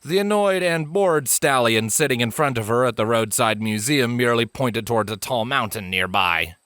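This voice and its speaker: A man narrating a fan story aloud in a lively, expressive storytelling manner. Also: medium pitch, moderate pace, clean tone, no room sound. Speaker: reader.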